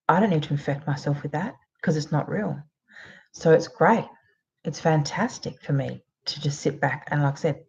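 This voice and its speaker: A woman's voice: deep voice, a little mellow. A middle-aged Australian woman giving blunt, emphatic advice to camera, often checking in with "okay?" and swearing freely. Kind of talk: direct-to-camera advice talk. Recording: slightly dull lo-fi audio.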